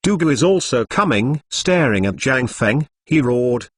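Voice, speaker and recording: A man reading a translated novel aloud in an uneven, stilted way with odd pauses. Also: medium pitch, lively intonation, fairly bright tone, slightly rough. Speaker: narrator. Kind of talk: machine-read novel narration.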